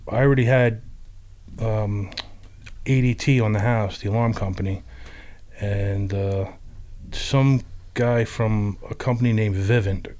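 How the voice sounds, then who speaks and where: Low-pitched veteran man, plain-spoken and halting, swears freely. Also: darkish tone. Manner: frank, loose, halting with blunt swearing. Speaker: army veteran. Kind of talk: casual storytelling.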